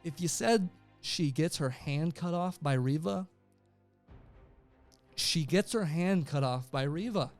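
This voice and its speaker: A man's voice: on the high side, slow, long pauses, faint music behind. A young adult man casually recapping a show episode, rambling with fillers and laughing often. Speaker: show reviewer.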